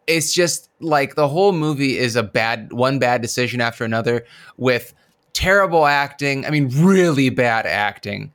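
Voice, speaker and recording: A man's voice: mid-range voice, animated, normal speed, a bit bright, clear, resonant tone. A man co-hosting a podcast in casual chat, blunt and swearing often. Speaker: podcast co-host.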